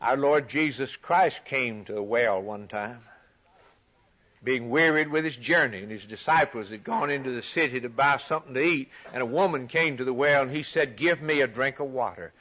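A man preaching a sermon, emphatic and repetitive, rising loud for scripture and dropping quiet for key points. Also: mid-range voice, normal speed. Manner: emphatic, repeats phrases, swings from loud to quiet; reads scripture aloud in a raised voice.

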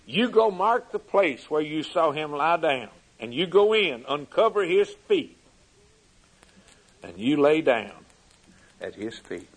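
Fervent husky-voiced male preacher. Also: fairly high pitch, big pitch swings, measured pace, low-quality recording. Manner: fervent, swings between loud emphasis and hushed lines. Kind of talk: sermon.

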